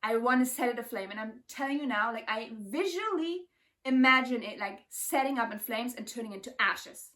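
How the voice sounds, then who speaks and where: A woman's voice: fairly high pitch, animated, moderate pace, bright, forceful tone, distant mic. Intense, emphatic woman spiritual vlogger. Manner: emphatic, intense, heavy use of "like". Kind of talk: casual spiritual vlog talk.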